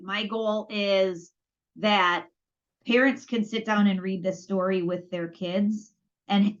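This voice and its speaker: A woman co-hosting a podcast, chatting casually and acting out both sides of past conversations as she tells a story. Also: medium pitch. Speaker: podcast co-host. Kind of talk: casual chat. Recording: dull lo-fi audio.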